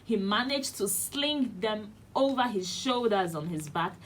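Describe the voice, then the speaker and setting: A woman's voice: mid-range voice, expressive, measured pace, slight background noise. A woman with a Nigerian accent, a children's radio host reading a storybook aloud expressively. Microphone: studio radio mic.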